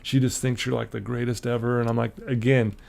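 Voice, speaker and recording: A man's voice: mid-range voice, fairly quick, vocal fry. A middle-aged man, a podcast guest, telling a personal story in a casual interview and acting out the voices of the people in it. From Utah, USA. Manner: animated storyteller, acts out quoted voices.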